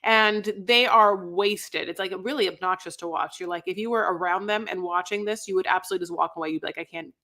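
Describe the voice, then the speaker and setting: A woman co-hosting a casual podcast, relaxed, retelling scenes and acting out the quotes. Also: on the low side, fast talker, few pauses. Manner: relaxed storyteller, acts out quotes, fillers like "you know". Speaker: podcast co-host. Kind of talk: casual chat.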